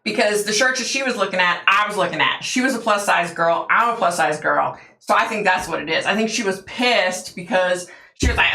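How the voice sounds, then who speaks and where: Woman livestream host, chatty storyteller, bright voice, echoey room. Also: medium pitch, fairly quick. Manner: chatty storyteller, laughs often, answers the chat. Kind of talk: casual chat with viewers.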